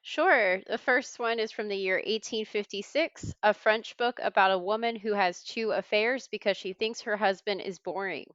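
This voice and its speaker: A woman hosting a trivia podcast, reading clues in a brisk, wry way. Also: medium pitch, a bit bright, clear, resonant tone, no room sound, lo-fi sound. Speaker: quiz host.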